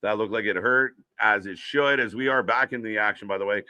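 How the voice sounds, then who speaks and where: Bright-voiced man in casual commentary. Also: lowish voice, a little fast, no echo. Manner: chatty, swears casually, reads out chat names. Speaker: co-host. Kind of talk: live wrestling watch-along commentary.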